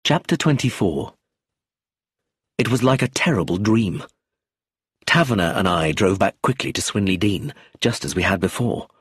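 Husky male audiobook narrator. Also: on the low side, expressive, normal speed, long pauses, fairly bright tone, no echo, studio quality.

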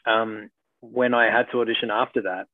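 A man's voice: on the low side, steady tone, moderate pace, no room sound. A man with an Australian accent, an actor chatting as a guest in a casual interview, rambling with fillers and restarts. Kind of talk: casual video-call interview. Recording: tinny phone-like call audio, dry.

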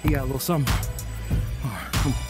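A man from the Washington DC area, out of breath, hosting hyped VR boxing gameplay commentary full of loud, playful trash talk. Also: medium pitch, lively intonation, rapid-fire. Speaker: gaming channel host. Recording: voice over loud game music. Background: loud music.

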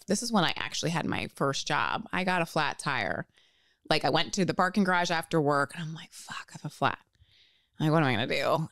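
Woman co-host, low voice, dry close sound, animated storyteller who swears and laughs a lot. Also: no room sound. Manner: animated storytelling, acts out family quotes, swears, laughs often. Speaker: podcast co-host. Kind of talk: casual chat with sisters.

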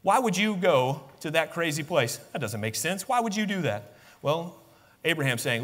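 Male pastor, impassioned sermon, high ringing voice, long church reverb. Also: big pitch swings, normal speed, fairly bright tone. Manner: impassioned preaching, acts out voices of biblical figures. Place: church sanctuary.

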